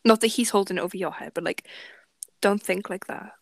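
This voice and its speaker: A woman's voice: mid-range voice, steady tone, fairly quick. Blunt, frank woman. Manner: frank, blunt advice-giver. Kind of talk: casual chat.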